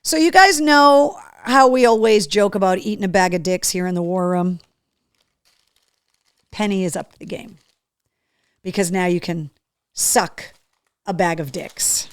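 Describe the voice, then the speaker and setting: Lady hosting a live show, gets all excited, keeps talking to her dog, dry room. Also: mid-range voice, measured pace, pauses often, smooth, no echo. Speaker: host. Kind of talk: casual live show chat, opening fan mail.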